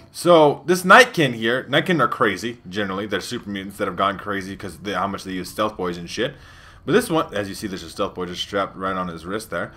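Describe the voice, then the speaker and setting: Fast-talking young man doing game commentary. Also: fairly low pitch, expressive, bright, forceful tone. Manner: loose, profane, rambling play-by-play with fillers. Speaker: gaming youtuber. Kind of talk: let's play commentary.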